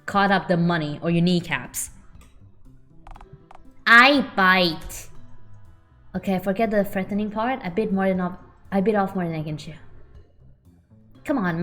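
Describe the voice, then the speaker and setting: A woman's voice: medium pitch, a bit bright, natural voice. A woman voicing a scheming, crude green reptile woman who lays eggs. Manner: sleazy, wheedling, crude.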